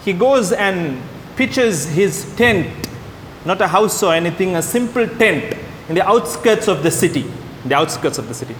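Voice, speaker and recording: A man preaching a sermon to his congregation, telling stories with lively delivery and acting out the people in them. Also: normal speed. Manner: animated storytelling, voices the characters in anecdotes. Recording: echoey hall with faint rumble.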